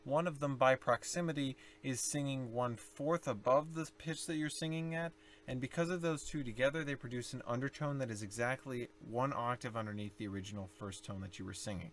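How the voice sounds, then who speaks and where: A young man explaining low singing techniques in a casual tutorial, rambling and self-correcting as he demonstrates growls and vocal fry. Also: brisk. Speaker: singing teacher.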